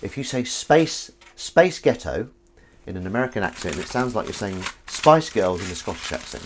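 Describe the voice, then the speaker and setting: A man's voice: lowish voice, sing-song, normal speed. Playful English man chatting over clattering dishes. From England. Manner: playful, rambling, punning with viewers. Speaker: livestream host reading chat. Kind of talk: casual chat while washing up. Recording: dish clatter and noise behind. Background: clattering dishes and cutlery.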